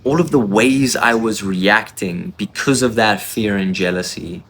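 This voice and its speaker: A man with a fairly low voice tells a confessional story from his own life. He speaks with raw, intense emotion, stumbling and restarting as he goes. Faint ambient noise sits behind him. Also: measured pace, fairly bright tone.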